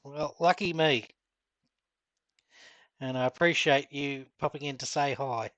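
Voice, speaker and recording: A man's voice: medium pitch, measured pace, a bit bright, dry recording. Australian male streamer, middle-aged, easygoing and talkative, dry close-miked sound. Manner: chatty, reads out and answers viewer comments. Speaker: gaming streamer. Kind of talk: casual live-stream chat while gaming.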